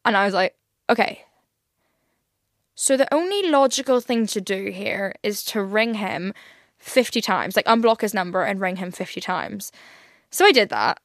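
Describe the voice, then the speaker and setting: A woman's voice: mid-range voice, lively intonation, normal speed, long pauses, no room sound, clean studio sound. A young woman hosting a casual solo podcast, rambling candidly with plenty of "like" fillers and swearing. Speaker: podcast host.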